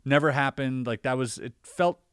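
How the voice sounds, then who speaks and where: A man telling a personal story in a relaxed podcast chat. He stays animated and acts out his own reactions, with plenty of filler words. His voice sits in a middle pitch and is recorded dry, with no room sound. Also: normal speed, clean tone, no echo. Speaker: podcast guest or co-host. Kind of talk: casual storytelling conversation.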